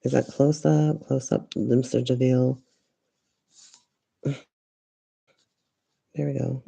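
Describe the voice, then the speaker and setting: Rambling, swearing man with a mellow voice. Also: mid-range voice, little pitch movement, takes it slowly, gravelly, pauses often, slightly rough. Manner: rambling, swears freely, many fillers. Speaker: psychic vlogger. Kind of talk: rambling casual monologue while crafting.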